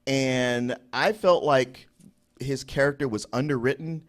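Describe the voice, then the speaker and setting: A man's voice: medium pitch, fairly even intonation. A man co-hosting a film review show, laying out a reasoned critique in casual talk. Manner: reasoned, measured critique with some hesitations. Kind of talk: casual movie review banter.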